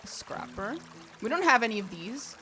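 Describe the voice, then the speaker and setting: A woman streaming a video game, chatting casually, excitable and swearing, often breaking into laughs. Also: fairly high pitch, normal speed, slight background noise. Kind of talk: casual gameplay commentary.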